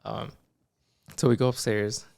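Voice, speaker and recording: A young man, a podcast co-host, telling a story in casual chat, animated, acting out the people in it and swearing freely. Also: on the low side, measured pace, vocal fry.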